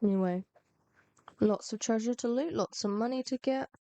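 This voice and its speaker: A woman's voice: fairly high pitch, normal speed, dark tone, no echo. A woman, feeling unwell with a cold, giving casual, rambling, self-mocking commentary over gameplay. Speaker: gaming video narrator.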